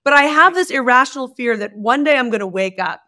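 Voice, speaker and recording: A woman guest on a podcast, a leadership coach, talking in a bubbly, expressive way and laughing often. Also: high voice, quick pace. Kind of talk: casual podcast interview.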